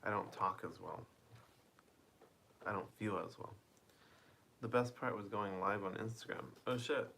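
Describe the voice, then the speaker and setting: A soft-spoken, tired man chats slowly and lazily on a phone livestream from home. His voice sits fairly low, and he keeps it deliberately hushed. A faint hum lingers underneath. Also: gravelly. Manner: laid-back, reads chat aloud and answers viewers. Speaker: livestreamer reading chat. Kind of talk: casual live-stream chat.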